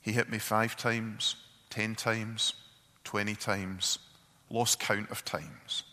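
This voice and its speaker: A man voicing a grieving father who speaks quietly and haltingly about his past. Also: lowish voice, level tone, in a large hall. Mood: broken. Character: broken grieving father recalling abuse.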